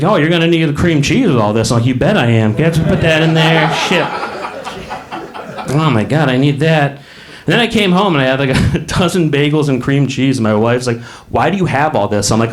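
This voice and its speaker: This stand-up comic has a medium-pitched voice with slight background noise behind it. He rambles through stories in a live club set, performing the quoted voices himself as audience laughter fills the room.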